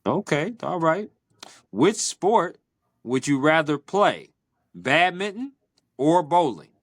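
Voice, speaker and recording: A man hosting a podcast, asking quick either-or questions in a playful, teasing way. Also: a little high, very animated, no room sound, studio quality. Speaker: podcast host. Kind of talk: casual interview chat.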